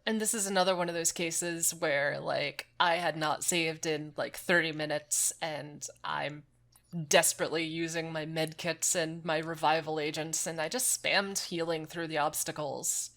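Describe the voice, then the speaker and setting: A woman's voice: low voice, fairly even intonation, normal speed, fairly bright tone. A woman co-hosting a podcast, recapping a game in casual chat, swearing freely and sounding exasperated. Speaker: podcast co-host.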